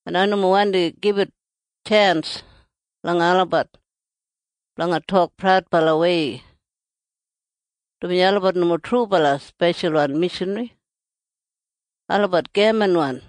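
A reader with an Australian Kriol accent gives a steady, earnest scripture reading. The pitch sits in a middle register, and the recording is close and dry, with no room sound around it. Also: unhurried, long pauses, no room sound.

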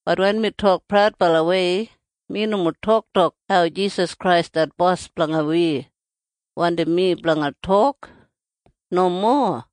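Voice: medium pitch, steady tone, unhurried, no echo. Earnest Australian Kriol scripture reader. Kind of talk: scripture reading.

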